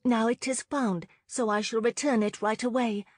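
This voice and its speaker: A woman performs an anguished young woman consumed by guilt, pleading in a raised, breathless voice. The character sits on the high side, above her own natural pitch yet close to an everyday voice, with a steady tone at normal speed. The studio recording is clean, with no room sound.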